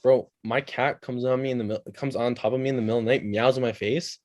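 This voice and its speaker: A young man from Canada, a podcast guest chatting casually and telling animated stories with quick asides. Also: medium pitch, no echo. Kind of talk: casual chat.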